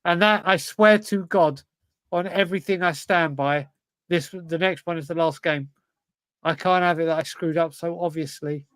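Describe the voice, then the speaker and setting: High-voiced English man, swearing through a quiz. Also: fairly even intonation, moderate pace, fairly bright tone, clear, resonant tone, no room sound. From England. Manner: swears freely, blurts answers, talks to himself. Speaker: podcast co-host. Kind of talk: casual chat while playing a football quiz.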